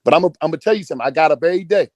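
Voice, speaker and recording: Fast-talking, profane man in his forties. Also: a little high, expressive, a little mellow, dry recording. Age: 40s. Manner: profane, emphatic, repeats phrases for emphasis. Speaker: speaker in an online audio chat room. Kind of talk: motivational rant.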